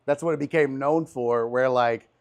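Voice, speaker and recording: A man's voice: mid-range voice, normal speed, gravelly. A young man hosting a podcast in a casual patio chat, laughing often and talking in a crude, conversational way. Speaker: podcast host. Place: outdoor patio.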